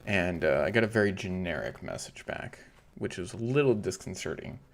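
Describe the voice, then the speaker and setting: A man's voice: sits low, expressive, fairly quick, vocal fry. A man hosting a casual livestream, ranting in frustration and swearing heavily. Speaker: crypto livestream host.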